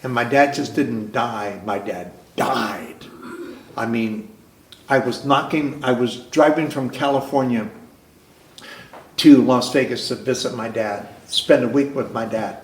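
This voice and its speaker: A man speaks at a recovery club meeting, telling his own story in an earnest, halting way and often starting his sentences over. His voice sits in a middle range for a man. The room around him is roomy and echoing. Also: mid-range voice, slight background noise. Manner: earnest, halting, with frequent restarts. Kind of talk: sharing a personal story at a meeting.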